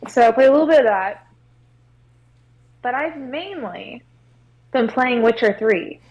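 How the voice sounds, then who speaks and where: Higher-voiced woman, halting and filler-heavy. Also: animated, a little mellow, poor audio. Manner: hesitant, constant filler words. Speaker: podcast co-host. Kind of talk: casual chat about video games.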